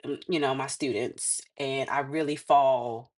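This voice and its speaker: A woman in her thirties, a guest on a podcast, tells a personal story in casual chat, animated and laughing a lot as she imitates what other people said. Her voice is bass and a little slow.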